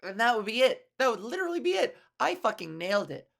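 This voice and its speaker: A woman's voice: fairly high pitch, sing-song, quick pace, gravelly. A woman comedian hosting her own podcast, rambling in a casual, profane monologue with many restarts and asides.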